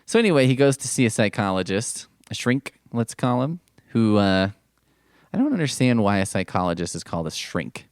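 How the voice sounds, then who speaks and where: A man's voice: on the low side, very animated, fairly quick, no room sound, studio quality. A man hosting a podcast, chatting casually about an old comic book, rambling with plenty of swearing and asides. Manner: rambling, profane, full of asides. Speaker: podcast host.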